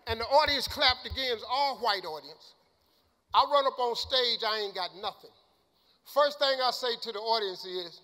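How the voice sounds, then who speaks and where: An older man giving a motivational speech and telling stories, colloquial and emphatic, sometimes shouting. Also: very high voice, expressive, normal speed. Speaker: motivational speaker. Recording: long hall reverb.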